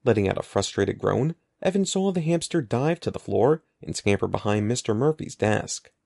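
Male audiobook narrator, gravelly, mellow tone, animated delivery, dry close sound. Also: on the low side, normal speed, dry recording. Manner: expressive, lively storytelling. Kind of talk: scripted narration.

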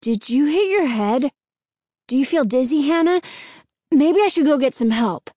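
A woman voicing a gentle, concerned young boy who speaks softly and carefully. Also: high voice, animated, moderate pace, no room sound, studio quality, voice pushed up. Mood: worried. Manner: soft, worried, careful.

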